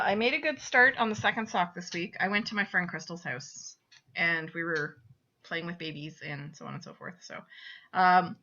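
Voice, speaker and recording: A woman's voice: mid-range voice, sharp tone. A woman hosting a casual knitting show-and-tell, chatty and giggly, often apologizing, filmed in a small cramped spot at home. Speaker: podcast host. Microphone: webcam. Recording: dull lo-fi webcam audio.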